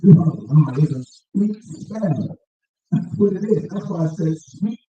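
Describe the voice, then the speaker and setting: A man's voice: on the high side, lively intonation, slow pace, warm tone. A man teaching a Bible class, reading aloud and commenting, with calls for the class to repeat after him. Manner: reads aloud and comments, call-and-response. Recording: roomy, distant, dull sound.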